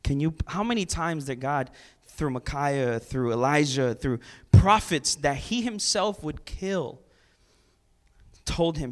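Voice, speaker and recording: A man preaching a sermon in an animated, conversational way, with sarcastic asides and repeated words. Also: fairly high pitch, slow pace.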